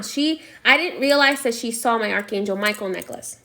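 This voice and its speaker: A woman's voice: on the high side, lively intonation, brisk, bright, forceful tone. A woman who teaches spiritual practice, telling a story in a chatty monologue and checking in with her listeners. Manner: chatty, frequent "okay?" check-ins.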